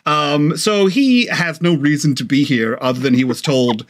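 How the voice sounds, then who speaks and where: Man narrating a tabletop game, halting. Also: fairly high pitch. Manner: hesitant, many filler ums and uhs. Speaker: game master.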